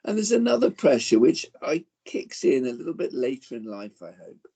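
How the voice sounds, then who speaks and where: A man's voice: medium pitch, big pitch swings, normal speed, creaky, dark tone, slightly rough. A man in his forties giving a motivational talk to parents, telling a personal story with dramatic swings and calling his listeners folks. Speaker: speaker addressing parents.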